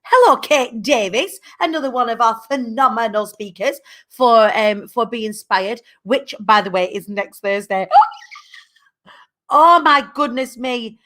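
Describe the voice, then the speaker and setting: Lively woman host, 30s, playful live-stream chatter, slightly high voice. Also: moderate pace. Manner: bubbly, chatty, playful, laughs often. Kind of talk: live-stream chat with viewers.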